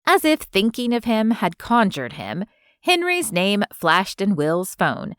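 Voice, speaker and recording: A woman reading romance fiction aloud as an audiobook narrator in an even, smooth storytelling manner. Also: medium pitch, takes it slowly, no echo, clean studio sound. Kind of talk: scripted narration.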